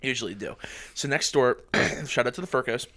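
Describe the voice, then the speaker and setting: Twenty-something male co-host, animated pitch, rambling casual storyteller. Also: normal speed. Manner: rambling storyteller, restarts often. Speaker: podcast co-host. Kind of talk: casual chat.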